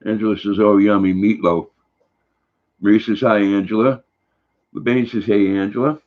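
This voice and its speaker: A man's voice: fairly low pitch, fairly even intonation, moderate pace. An older man, casually chatting on a livestream and reading out viewer comments in a folksy, rambling way. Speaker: livestream host. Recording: dull lo-fi recording.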